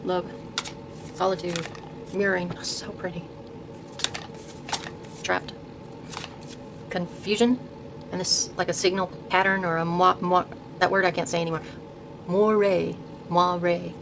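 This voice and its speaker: Older woman, lowish voice, soft halting delivery, reads card names aloud, clear background ambience noise. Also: flat delivery. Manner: murmured, halting, trails off and restarts words. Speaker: host showing her tarot deck collection. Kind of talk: soft-spoken casual deck walkthrough.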